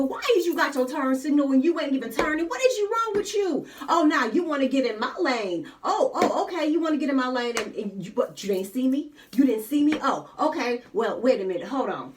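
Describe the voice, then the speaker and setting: A woman voicing a furious passenger yelling at other drivers, scolding in rapid-fire outrage. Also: mid-range voice, recorded from a distance, noisy background, pitched above the performer's own voice, close to an everyday voice.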